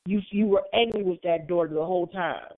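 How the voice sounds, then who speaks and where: Her voice is lowish and a bit quick as she chats casually as a podcast co-host; she comes from Maryland, USA. Telling stories with energy, she imitates others' quotes in different voices, recorded dry and tinny like a phone with no room sound.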